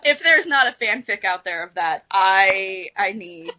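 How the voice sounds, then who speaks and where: A woman's voice: mid-range voice, lively intonation, measured pace, a loud crowd. A young woman co-hosting a casual fan podcast, joking and playful. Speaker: podcast co-host. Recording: dull lo-fi sound.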